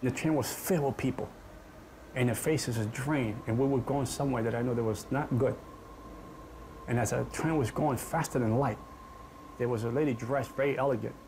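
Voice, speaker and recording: A man's voice: medium pitch, darkish tone, slight background noise. A man giving an earnest, dramatic personal testimony about his past. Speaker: testimony speaker. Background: music.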